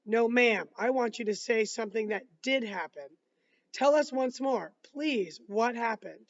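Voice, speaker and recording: A man reading aloud, voicing a calm, patient lawyer cross-examining a witness in measured questions. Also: extremely high pitch, dull audio. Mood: probing.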